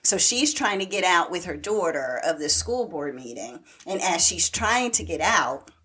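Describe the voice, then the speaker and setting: A woman co-hosting a podcast, chatting casually and retelling a TV episode in an animated way with acted-out quotes. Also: fairly low pitch, moderate pace, slightly rough. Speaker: podcast co-host. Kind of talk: casual chat recapping a TV show.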